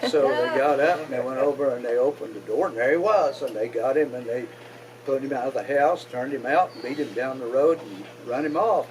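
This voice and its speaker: A man with a Kentucky accent telling a folk tale in a drawling, unhurried style with rural grammar. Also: medium pitch, background noise. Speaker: storyteller. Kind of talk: oral folk storytelling.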